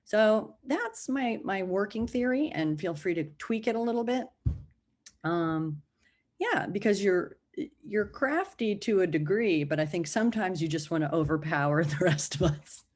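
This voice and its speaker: A woman's voice: mid-range voice, animated, measured pace, darkish tone. A middle-aged woman recording a casual, rambling video message to a relative, playful and self-mocking, laughing often between filler words. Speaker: vlogger addressing a family member.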